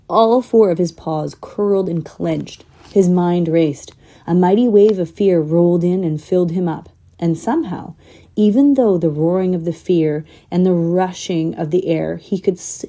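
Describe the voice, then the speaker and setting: A woman narrating a children's storybook in an expressive, playful way, at times dropping to a whisper. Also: on the low side.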